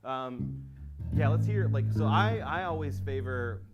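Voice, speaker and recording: American guy, gear rep at a live demo, jokey and excitable, lively swinging pitch, bass playing behind. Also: unhurried, highs cut off. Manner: excitable and jokey, laughing often. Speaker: bass maker representative. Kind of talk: live product demo chat. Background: bass guitar playing.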